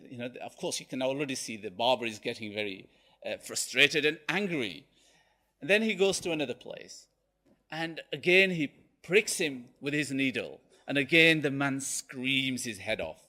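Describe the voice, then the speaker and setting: Animated male preacher, lively pitch. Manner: animated storytelling with frequent "okay?" check-ins. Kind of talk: Friday sermon.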